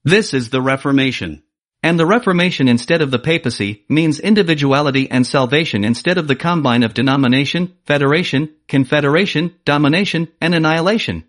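A man giving a measured, emphatic scripted reading of a religious treatise. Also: on the high side. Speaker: reader.

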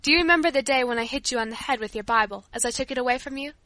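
A woman's voice: high-pitched, racing, bright, forceful tone, no room sound. A woman voicing a middle-aged father who speaks earnestly, in a storybook reading. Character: stern but repentant father, middle-aged man.

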